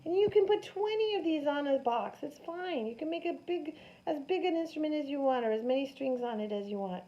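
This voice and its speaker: A woman teaches a children's science lesson in a lively, sing-song way and keeps asking the kids questions. Her voice sits high with a gravelly fry. The recording is dull and lo-fi. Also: a little fast. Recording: dull lo-fi sound with faint noise.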